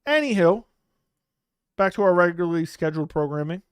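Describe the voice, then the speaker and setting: A man with a smooth, crisp, slightly high voice hosts a casual live stream from home, reading viewer comments at a moderate pace in a steady tone. Blunt and full of loose slang, he often drifts off mid-thought; the close studio mic leaves the sound dry, with no room or echo.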